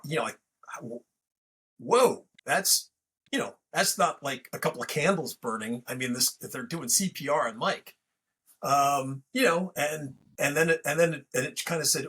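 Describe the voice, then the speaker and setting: A man's voice: mid-range voice, a little fast, pushed and bright, slightly rough. A man hosting a podcast, telling a story in a rambling, casual way full of fillers and restarts. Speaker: podcast host.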